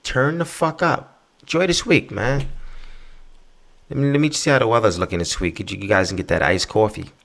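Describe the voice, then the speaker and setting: On his own podcast, a man with a lowish, creaky voice rants casually at a fairly quick pace. He's animated, curses a lot, and rambles.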